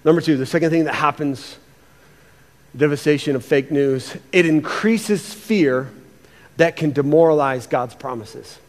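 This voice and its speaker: A man preaching a sermon as pastor, animated, often repeating words and acting out quotes. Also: on the high side, a little slow, in a large hall.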